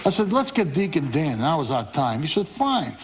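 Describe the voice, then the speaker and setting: A former football player telling animated anecdotes in an interview, acting out other people's voices. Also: male voice, fairly quick, soft background music. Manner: animated storyteller, acts out voices of others in high squeals.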